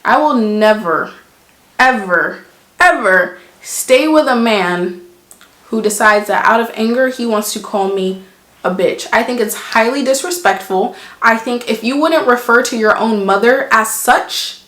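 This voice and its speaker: A woman's voice: on the high side, measured pace, fairly bright tone, echoey room. A woman vlogger giving relationship advice in casual, blunt, emphatic talk, driving her points home with examples. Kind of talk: casual chat to camera.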